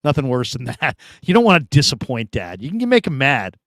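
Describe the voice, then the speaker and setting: A middle-aged man from California hosting a sports show, chatting casually through live comments and telling stories with animated quoted voices. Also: medium pitch, fairly quick, no echo, studio quality. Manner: animated storytelling, laughs often, acts out quoted voices.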